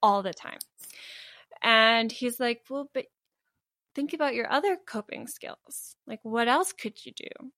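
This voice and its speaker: A woman's voice: on the high side, animated, measured pace, pushed and bright, dry recording, clean studio sound. A woman talking candidly in a casual conversation, laughing often and restarting her sentences.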